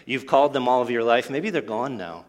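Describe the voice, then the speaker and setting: A man's voice: mid-range voice, expressive, fairly quick. A man preaching a sermon, telling the story earnestly and acting out the quoted lines. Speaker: pastor. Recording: long hall reverb.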